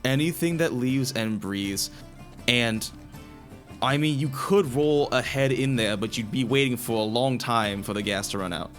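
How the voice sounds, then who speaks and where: A man's voice: mid-range voice, measured pace, a bit bright, faint music behind. A man running a tabletop game as dungeon master, explaining the rules with many restarts.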